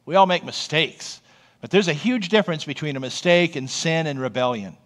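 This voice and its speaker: A man's voice: a little high, moderate pace. A man who is a pastor, preaching a sermon in a conversational, storytelling way and often checking in with the congregation. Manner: storytelling, animated.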